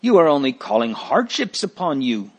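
A man's voice: fairly high pitch, very animated, normal speed, slightly rough, pitched above the performer's own voice, exaggerated voice. A man reading a story aloud, voicing a fearful neighbor woman who scolds and pleads in a raised voice. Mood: scolding.

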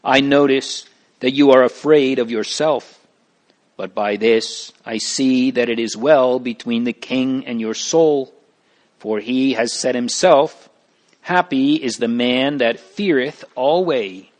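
A man voicing a kindly, wise old male pilgrim in a storybook reading, gentle and fatherly. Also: medium pitch, takes it slowly, close to an everyday voice.

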